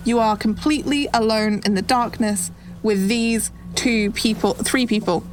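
A woman's voice: a little high, steady tone, unhurried, a little hiss or hum. A woman narrating a tabletop game as game master, descriptive and rambling with lots of "kind of" and "like".

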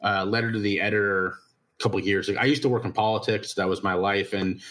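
A man's voice: lowish voice, fairly even intonation, fast talker, fairly bright tone. A man from Ohio as an interview guest, speaking frankly and wryly and often repeating words as he restarts. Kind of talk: casual interview chat.

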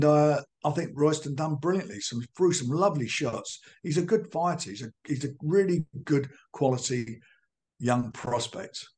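A man's voice: medium pitch, a little mellow. Blunt older man, combative and emphatic. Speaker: boxing promoter. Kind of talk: podcast interview answers.

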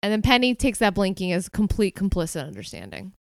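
A woman playing a tabletop game, playful and animated as she describes her character. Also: mid-range voice, brisk, vocal fry, clear, resonant tone, dry recording, studio quality. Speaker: player.

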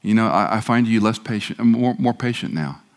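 Low-voiced man preaching with dry humor. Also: expressive, moderate pace. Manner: humorous, leads congregation in repeated recitation. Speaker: guest preacher. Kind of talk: sermon.

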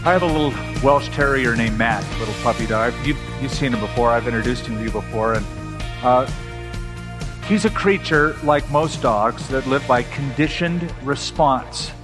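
A middle-aged man preaching a sermon as a pastor, telling stories with slow, emphatic pauses. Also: medium pitch. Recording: long hall reverb with faint music.

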